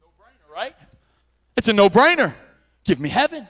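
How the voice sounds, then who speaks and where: A middle-aged man preaching a revival sermon into a church microphone, loud and impassioned, dropping into quiet asides and repeating words in quick runs. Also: high-pitched, very animated. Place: church sanctuary with a sound system. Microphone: handheld or stand microphone, volume adjusted by the sound man.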